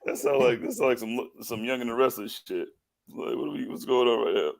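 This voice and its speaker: A man's voice: medium pitch, brisk, vocal fry. A man co-hosting a casual podcast, joking and trash-talking with his friends. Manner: playful trash talk, laughing a lot. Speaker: podcast co-host.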